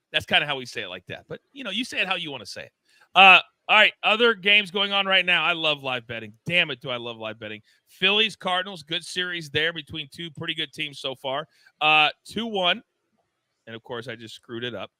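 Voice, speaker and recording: A man hosts a live sports betting show in a very bright, forceful voice that sits a little high. He is excitable, loud and self-deprecating. The room sounds dry, with a close mic. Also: dry recording. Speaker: host.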